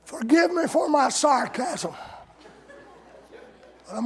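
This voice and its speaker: A man preaching a folksy, sarcastic sermon that builds to shouted climaxes. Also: very high-pitched, lively intonation, slow, long pauses, a faint crowd.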